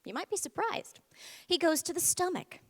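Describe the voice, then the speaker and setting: A young woman tells a comic story on stage, animated and self-mocking. Her voice sits high and bright, with lively swings in pitch. A long theater reverb hangs on every word. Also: moderate pace. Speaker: storyteller performer.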